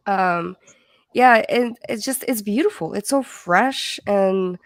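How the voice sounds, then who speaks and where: A woman's voice: medium pitch, slow pace, dry recording, studio quality. A woman hosting a casual livestream, reading comments aloud in a chatty way that laughs easily and trips over words. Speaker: livestream host.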